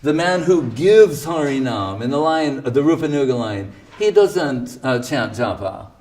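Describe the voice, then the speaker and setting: A man's voice: medium pitch, lively intonation, a little slow, darkish tone, distant mic. A man giving a spiritual talk in a conversational storytelling manner, full of rhetorical questions and acted-out quotes. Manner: acts out quoted speech. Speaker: spiritual teacher. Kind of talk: storytelling lecture.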